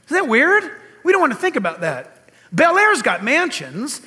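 An older pastor delivers a sermon full of earnest rhetorical questions, speaking at a normal speed. His high, reedy voice, likened to a cartoon frog, swoops wildly in pitch and has a sharp tone.

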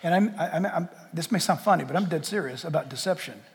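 A man's voice: fairly high pitch, fast, gravelly. A man pastor preaching a sermon in a church sanctuary, impassioned and jokey, firing off rhetorical questions. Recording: long church hall reverb.

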